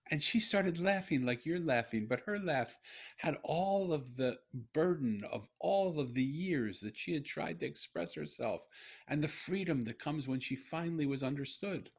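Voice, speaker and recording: A man's voice: a little high, lively intonation, moderate pace, creaky, slightly rough. A middle-aged man, a guest author, telling a personal story in a podcast interview in an earnest, heartfelt way with frequent restarts.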